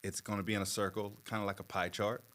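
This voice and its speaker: A man working as a therapist, explaining in a measured, patient way with plenty of fillers. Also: lowish voice, flat delivery, fairly bright tone. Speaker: therapist guest. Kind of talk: conversational explanation.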